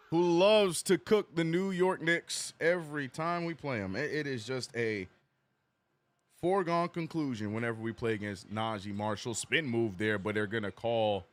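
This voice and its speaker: A man streaming a live basketball watch-along, calling plays and reading chat with animated, joking frustration. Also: on the high side, normal speed. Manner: animated, joking, reads chat messages aloud; frustrated fan venting and cursing.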